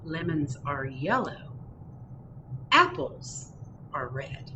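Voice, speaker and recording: A woman librarian reading picture books aloud at storytime, expressive, with chatty asides in a public library. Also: mid-range voice, slow, dull audio, noisy background. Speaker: children's librarian. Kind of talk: picture book read-aloud.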